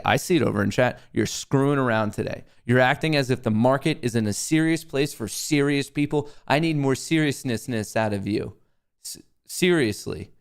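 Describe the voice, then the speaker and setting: A young man hosting a live stock market stream, joking and energetic. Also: medium pitch, clear, resonant tone. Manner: joking, energetic, swings into put-on voices. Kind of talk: casual live-stream chat.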